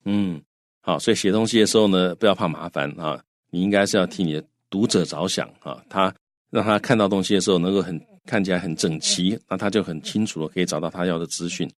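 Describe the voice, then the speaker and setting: A man's voice: low-pitched, quick pace, no echo, studio quality. A man co-hosting a radio English lesson, recapping each point in Mandarin for the listeners. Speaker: co-host.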